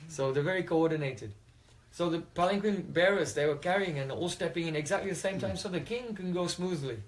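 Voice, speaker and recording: A man's voice: a little high, a little fast. A man telling a religious story in a talk, often checking in with his listeners. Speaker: spiritual teacher.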